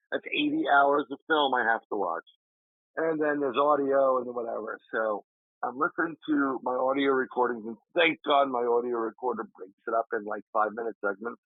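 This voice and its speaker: A man, a paranormal investigator, telling an animated story in a casual interview, acting out his friend's shouts. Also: medium pitch, no room sound. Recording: dry tinny remote call audio.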